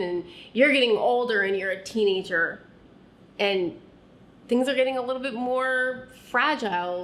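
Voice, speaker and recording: A woman speaking to the listener as "you" about her own past. She talks earnestly and softly and often drops to a quiet tone. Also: medium pitch. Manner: earnest, soft and unhurried, often dropping quiet. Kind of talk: reflective second-person personal narration.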